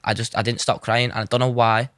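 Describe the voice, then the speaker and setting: Fast-talking young man. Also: medium pitch, level tone, a bit bright, no echo, studio quality. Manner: earnest, repetitive, informal speech with frequent "you know". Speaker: guest, goalkeeper. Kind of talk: candid interview storytelling.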